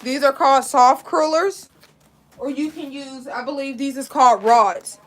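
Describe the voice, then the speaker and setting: High-voiced young woman teaching braiding live. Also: measured pace. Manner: casual, chatty, answers viewer questions while working. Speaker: braiding instructor. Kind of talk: live-streamed hair braiding class.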